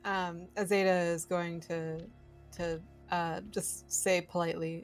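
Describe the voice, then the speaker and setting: A woman playing a tabletop game, speaking calmly and measured, with giggles between lines. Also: on the low side, soft background music. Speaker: player. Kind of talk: tabletop role-play.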